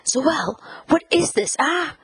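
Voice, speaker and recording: Woman reading a scolding, scared mother, higher voice, husky, scream-whispered, dry storybook sound. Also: normal speed, no echo, lightly acted, poor audio. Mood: shocked. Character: stern, frightened immigrant mother scolding her child.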